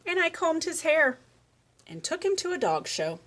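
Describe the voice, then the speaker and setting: A woman giving a children's speech lesson, reading a picture book aloud and slowly modeling words for a young child to repeat. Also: very high-pitched, big pitch swings, a bit bright. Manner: slow, encouraging, exaggerates word sounds for a child. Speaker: speech therapist.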